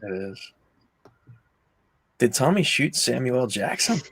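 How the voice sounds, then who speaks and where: A young man hosting a casual film podcast, telling stories with animated energy and casual swearing. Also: medium pitch, a little slow, gravelly, husky. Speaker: podcast host.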